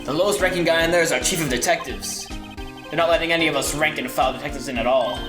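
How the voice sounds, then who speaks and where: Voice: medium pitch, quick pace, close to an everyday voice. A gamer reading as a bumbling friendly cop. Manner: ends lines with "pal". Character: scruffy male police detective, bumbling and friendly. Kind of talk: reading game dialogue aloud. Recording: echoey room with game music.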